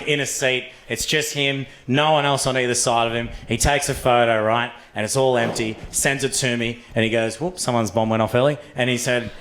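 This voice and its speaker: A young Australian man performing a stand-up routine on a comedy club stage, telling stories in a crude, animated way full of swearing. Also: medium pitch.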